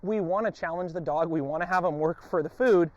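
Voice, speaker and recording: An American man working as a dog trainer, explaining a training session and giving sharp commands to his dog, recorded on a lapel mic. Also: a little high, a little fast, dry recording, muffled recording. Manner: barks short loud commands to a dog between calm explanations. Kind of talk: training demonstration with commentary. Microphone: wired lapel mic.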